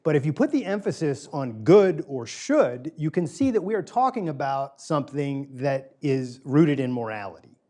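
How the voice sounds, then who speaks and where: A man's voice: fairly high pitch, big pitch swings, normal speed, few pauses, darkish tone. Conversational man lecturing a small group. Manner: conversational, polls the audience, repeats key phrases for emphasis. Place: small room with a live audience.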